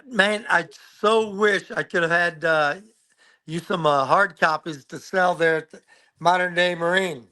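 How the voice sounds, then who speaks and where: Brief: man with a high, bright voice, easygoing and joking, a guest in a relaxed chat. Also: unhurried. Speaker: guest author. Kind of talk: casual chat.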